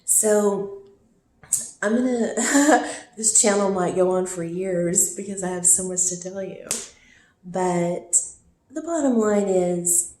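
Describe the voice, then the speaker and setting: A woman vlogging about a painful relationship, teary and worn from crying, talking in a raw, rambling way with throat-clearing. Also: mid-range voice, dark tone, reverberant. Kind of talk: emotional personal vlog confession.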